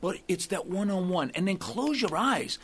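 Male studio guest, high lively voice, animated storyteller. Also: normal speed, slightly rough. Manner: animated, acts out quotes with shouts. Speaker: guest singer-songwriter. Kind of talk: casual chat, storytelling. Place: radio studio.

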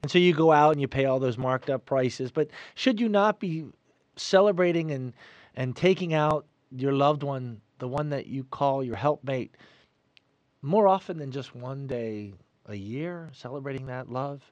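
A middle-aged man giving an earnest, sermon-like reflection in a studio, swinging between loud emphasis and soft asides. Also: medium pitch, measured pace, no echo, highs cut off. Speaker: Catholic radio host.

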